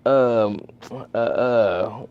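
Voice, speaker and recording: In an extremely slow, clear, resonant voice, a comedian who also creates street-interview content tells animated stories in a casual podcast interview. He acts out quotes in a high voice and often restarts. Recorded on a podcast studio mic, it still has a lo-fi sound.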